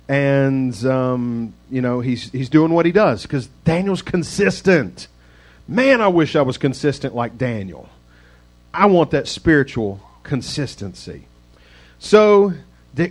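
A man's voice: medium pitch, a little mellow. A male pastor giving a casual, conversational sermon with rambling, self-deprecating asides.

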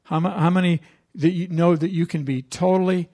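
A male pastor delivers a sermon in a conversational storytelling style, often turning to the congregation with questions. His voice is gravelly and sits slightly high for a man. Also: steady tone, fairly quick, warm tone.

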